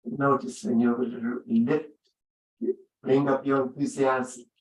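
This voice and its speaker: A man leading a yoga class, giving gentle, unhurried spoken cues with long pauses between them. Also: mid-range voice, little pitch movement, distant mic. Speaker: yoga instructor. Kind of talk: guided yoga instruction. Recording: roomy sound from off-mic.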